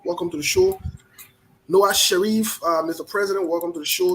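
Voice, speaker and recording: A man hosting a casual online talk show, welcoming viewers by name and scolding them in an animated way. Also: fairly high pitch, a little hiss or hum. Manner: animated, scolding, switches to spoken Liberian English.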